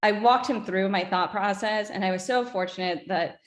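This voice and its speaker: A woman in her thirties, a company co-founder, telling her story in an interview in an earnest, reflective way with halting restarts. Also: mid-range voice. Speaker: whiskey brand co-founder guest. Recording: echoey room.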